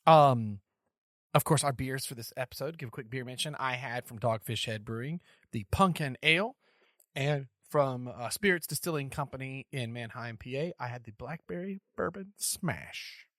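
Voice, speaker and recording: Animated, excitable podcast host man. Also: medium pitch, normal speed, dry recording, clean studio sound. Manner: animated storyteller, repeats words while thinking. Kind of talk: casual chat.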